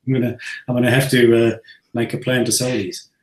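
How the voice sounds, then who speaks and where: A man's voice: medium pitch, flat delivery, a little fast, a little hiss or hum. Easygoing South African man, roomy sound. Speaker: guest modder. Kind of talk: casual chat.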